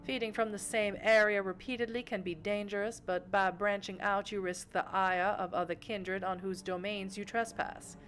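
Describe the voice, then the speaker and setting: Woman voicing a Southern belle vampire patroness, Southern US drawl, gracious, measured, mid-pitched. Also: fairly even intonation, a bit bright, soft background music, close to an everyday voice. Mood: instructive. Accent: Southern US, put on.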